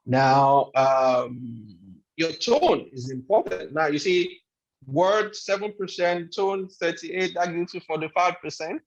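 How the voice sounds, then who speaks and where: A man giving a motivational webinar lecture, speaking emphatically and repeating his key phrases. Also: a little high. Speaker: webinar trainer. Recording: echoey room, dull sound.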